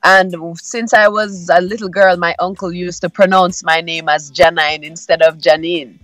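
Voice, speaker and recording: A woman, a musician guest on a radio interview, talking calmly and reflectively with many "you know"s. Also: fairly low pitch, normal speed, dry recording.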